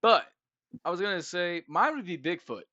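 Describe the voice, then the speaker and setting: A brash man hosting a podcast, crude and joking. His voice sits fairly high and bright, recorded dry and slightly dull on a headset. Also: lively intonation, normal speed, dry recording. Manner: brash, crude teasing, laughs a lot. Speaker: podcast host. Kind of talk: casual chat.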